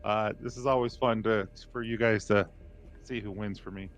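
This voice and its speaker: A man's voice: on the low side, fairly even intonation, normal speed. A man hosting a casual livestream, chatty and joking as he runs giveaways. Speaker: livestream host.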